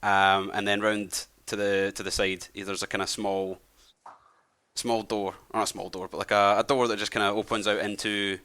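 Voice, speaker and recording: Guy narrating a tabletop game, lots of um and like, fairly bright voice. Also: fairly low pitch, level tone, normal speed, clear, resonant tone. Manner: loose and rambling, many fillers. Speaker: game master.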